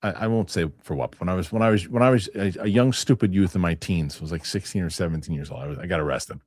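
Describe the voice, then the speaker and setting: A man's voice: deep voice, fast, darkish tone, no room sound, clean studio sound. A man hosting a casual live show, rambling and cursing freely while reading out viewer comments. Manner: rambling, profane, laughs at his own stories. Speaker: host.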